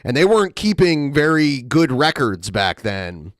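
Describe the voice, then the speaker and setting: A man's voice: medium pitch, big pitch swings, unhurried, fairly bright tone, dry recording. A man in a mid-range voice chats casually as co-host, with a dry, skeptical, matter-of-fact delivery. His voice is recorded close and dry. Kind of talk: casual chat.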